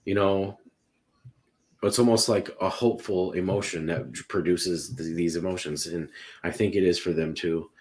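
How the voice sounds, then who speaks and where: A man's voice: low voice, steady tone, normal speed, a little mellow. A man talking casually about music on a podcast, earnest and emotional, rambling with many restarts. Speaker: podcast panelist ranking songs.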